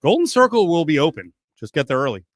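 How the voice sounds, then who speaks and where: A middle-aged man hosting a sports radio show in a studio, joking and animated. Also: a little high, quick pace, no echo, faint music behind. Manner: animated, joking, swings from mutter to near-shout. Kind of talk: casual sports talk. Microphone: studio mic.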